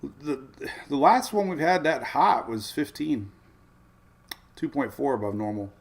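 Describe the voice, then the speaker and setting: A man's voice: medium pitch, a little slow, gravelly. A middle-aged man hosting a casual weather livestream, thinking aloud with lots of fillers. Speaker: weather show host.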